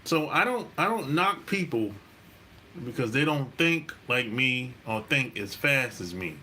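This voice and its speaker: A man hosting a dating-advice channel, talking in a relaxed, rambling monologue, repeating his points and laughing often. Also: mid-range voice, measured pace, slight background noise. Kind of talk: casual monologue.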